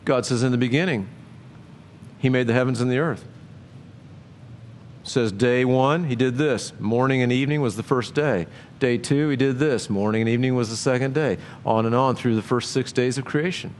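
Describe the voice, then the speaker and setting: A man preaching a sermon in a conversational way, asking his listeners many rhetorical questions and often jumping up in pitch for emphasis. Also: moderate pace, a little hiss or hum. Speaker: pastor.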